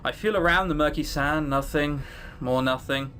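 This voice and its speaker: A man reading a visual novel aloud as a let's player, with expressive delivery and playful asides. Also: a little high, normal speed, slight background noise.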